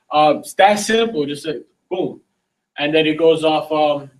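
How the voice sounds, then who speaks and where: A man teaches a group in a relaxed, slangy way, acting out the sample conversations he describes. His voice sits a bit high and is picked up from some distance from the mic, with faint noise behind it. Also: normal speed. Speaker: sales trainer. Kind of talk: casual training talk.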